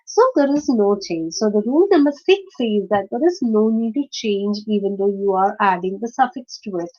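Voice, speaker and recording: A woman's voice: medium pitch, normal speed, dark tone. A woman teaching a lesson, explaining step by step and often checking with "right?" along the way. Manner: explains step by step with many fillers and checking questions. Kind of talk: online lesson on word stress. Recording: dull lo-fi recording.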